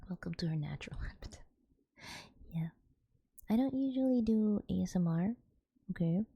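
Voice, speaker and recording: A young woman streamer, softly whispering and giggling as she chats to her viewers in an ASMR stream. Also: medium pitch, animated, moderate pace, gravelly, lo-fi sound, slight background noise.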